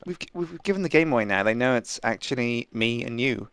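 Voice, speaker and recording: A man co-hosting a casual gameplay chat, joking in a playful deadpan way. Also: medium pitch, a little fast, creaky, clean tone, no echo. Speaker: co-host.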